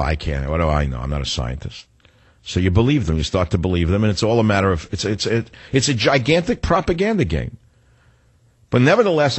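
An older male radio host holds forth in a low, slightly husky voice that swings widely in pitch as he rants. His delivery is sarcastic and rambling, full of restarts and asides. The studio sound is close and dry. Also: dry recording. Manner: sarcastic, rambling, animated rants with self-corrections. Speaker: radio talk show host. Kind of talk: talk radio monologue.

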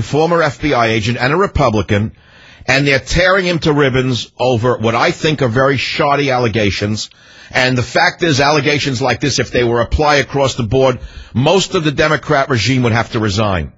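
On his talk radio show, a man with a husky, mid-range, fairly bright voice rants at a fairly quick clip, combative and indignant, driving his points home through repetition across monologue and calls. The audio is dull, lo-fi radio quality.

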